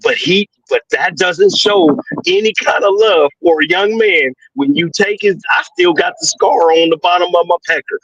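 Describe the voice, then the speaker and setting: A man's voice: high-pitched, normal speed, vocal fry, hardly any pauses, breathy edge, dry recording. A man calling into a show who tells a crude story with lots of swearing and laughter. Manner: animated, profane, laughs at his own story. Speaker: caller. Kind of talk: casual storytelling on a call-in show. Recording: dull, dry, lo-fi call audio.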